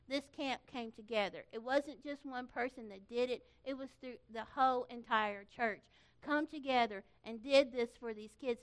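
High-voiced, animated middle-aged woman. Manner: animated storytelling, acting out quoted voices; folksy, earnest. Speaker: church camp organizer thanking volunteers. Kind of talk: informal church address.

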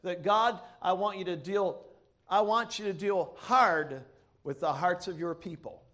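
A man's voice: high voice, measured pace, fairly bright tone. A male pastor from Ohio preaching a sermon with emphatic, rising delivery and call-and-response.

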